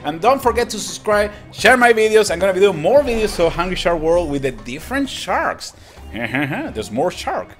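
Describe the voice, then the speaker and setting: Excitable young guy doing let's-play commentary, high voice all over the place, game music behind. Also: moderate pace. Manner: hyped, laughing, exclaiming, repeating lines. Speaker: gaming channel host.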